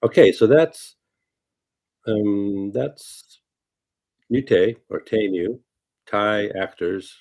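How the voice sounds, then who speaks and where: A man's voice: lowish voice, extremely slow, long pauses, darkish tone, highs cut off. A man talking as a fortune teller on a casual livestream, rambling loosely with many fillers and asides. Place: lives in California.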